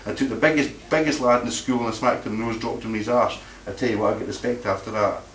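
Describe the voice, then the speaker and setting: A man's voice: mid-range voice, steady tone, fast talker. Blunt man, echoey hall, far off. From Scotland. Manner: blunt, combative, repeats words while searching. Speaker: meeting speaker. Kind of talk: informal talk to a live audience. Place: meeting room. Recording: echoey room from far off, faint noise.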